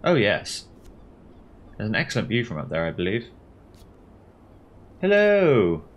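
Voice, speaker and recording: A man's voice: lowish voice, animated, a little fast, fairly bright tone, highs cut off, slight background noise. A man voicing a sly, gossipy genteel older woman who talks in a prim, confiding sing-song.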